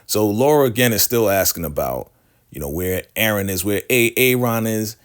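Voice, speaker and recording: Deep-voiced man casually recapping. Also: lively intonation, normal speed. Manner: slangy, chatty storytelling with many asides. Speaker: recap show host. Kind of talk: casual episode recap commentary.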